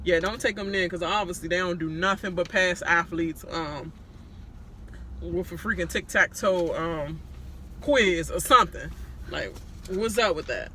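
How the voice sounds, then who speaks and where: A woman giving a casual, blunt recap of a reality show, animated and full of profanity. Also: on the low side, a little hiss or hum.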